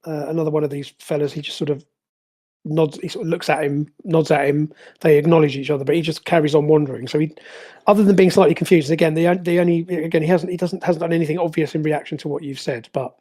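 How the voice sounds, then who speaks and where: A game master narrating a tabletop game, pausing often with fillers and restarts. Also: medium pitch, steady tone, dark tone. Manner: hesitant, many fillers and restarts.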